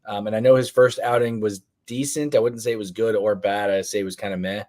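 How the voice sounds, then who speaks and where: A man's voice: fairly low pitch, steady tone, a little fast, a little mellow. A man co-hosting a live fantasy baseball show, answering viewer questions in casual talk full of ums and restarts. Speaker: fantasy baseball podcast co-host. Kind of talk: casual live-stream chat.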